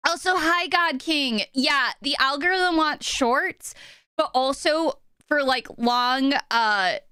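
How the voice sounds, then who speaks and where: A woman live streamer, her voice pitched a little high and her speech slow and hesitant. She is emotional and near tears, stammering and laughing between thanks. It is recorded close and dry, with a bright, clear tone. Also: dry recording. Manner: flustered, stammering, often laughing. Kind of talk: casual live-stream chat.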